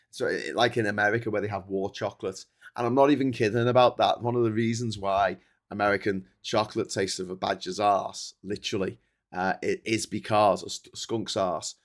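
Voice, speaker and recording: A man hosting a casual live-stream, rambling through news and viewer comments, swearing and laughing often. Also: fairly low pitch. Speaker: host.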